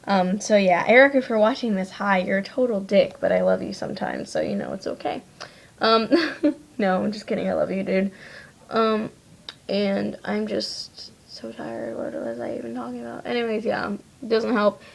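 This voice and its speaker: Teenage girl, casual webcam chat, rambling, filler-heavy, creaky voice, mid pitch, removing makeup while talking. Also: normal speed. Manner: rambling, lots of likes and ums. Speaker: vlogger.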